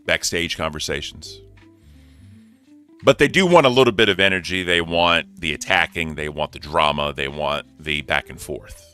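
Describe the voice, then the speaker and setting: A man's voice: deep voice, pushed and bright, clean tone. A man hosting a casual commentary stream, reacting loosely and swearing as he talks. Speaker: stream host.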